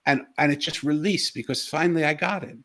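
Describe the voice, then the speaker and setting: A middle-aged man co-hosting a talk show, telling a personal story in an earnest, animated way with frequent restarts. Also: fairly high pitch, a little fast. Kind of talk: casual chat, storytelling.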